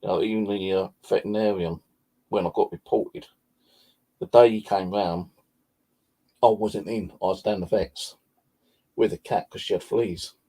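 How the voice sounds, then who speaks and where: Male vlogger, deep husky voice, casual profane storyteller. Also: steady tone, moderate pace, pauses often, mellow. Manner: swears freely, rambling anecdotes.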